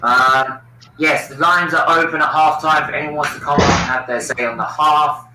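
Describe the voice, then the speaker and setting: A man's voice: on the high side, steady tone, normal speed, bright, forceful tone, echoey room, far from the mic, slight background noise, poor audio. A man hosting a football watchalong stream, opinionated and swearing freely in casual chat.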